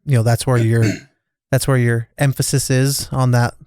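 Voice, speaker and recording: A man's voice: medium pitch, flat delivery, moderate pace, a little mellow, smooth, dry recording, studio quality. A man co-hosting a podcast, chatting casually and offering short agreeing remarks. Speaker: podcast co-host.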